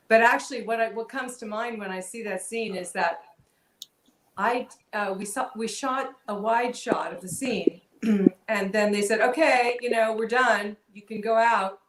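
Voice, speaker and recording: An actress chatting on a video call, telling a rambling, self-deprecating story about her early work. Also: medium pitch. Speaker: actress guest. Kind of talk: casual anecdote on a video call. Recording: echoey room with background noise.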